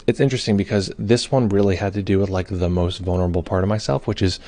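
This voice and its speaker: A man's voice: deep voice, steady tone, fast, dark tone. A man hosting a meditation live stream, chatting casually, greeting viewers and reading their comments aloud, with many fillers. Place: home or studio in Brooklyn.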